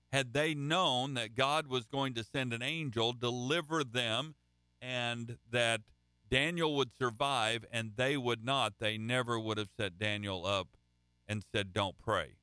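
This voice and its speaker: A man's voice: medium pitch, sharp tone, clean tone, dry recording, clean studio sound. A man preaching a sermon in a conversational way, reading scripture and then telling folksy stories, often restarting his phrases.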